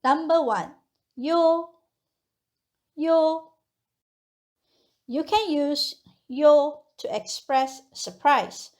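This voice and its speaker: A woman teaching a scripted lesson, modeling each example phrase twice with lively emphasis. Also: high-pitched, slow. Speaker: Mandarin teacher.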